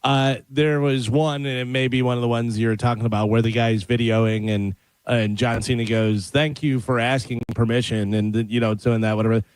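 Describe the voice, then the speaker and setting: A man co-hosting a radio talk show, telling an anecdote in a relaxed, conversational way. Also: medium pitch, brisk, clear, resonant tone, no echo.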